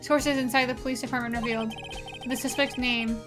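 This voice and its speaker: Formal tv news anchor reading a bulletin, a girl doing it in her high voice, music underneath. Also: fairly even intonation, fairly quick, lightly acted.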